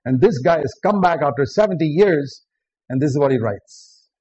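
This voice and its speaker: A man's voice: a little high, animated, normal speed, a little mellow, husky. A man preaching a sermon, earnest and direct, often putting questions to the listeners. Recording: dull lo-fi recording with faint background noise.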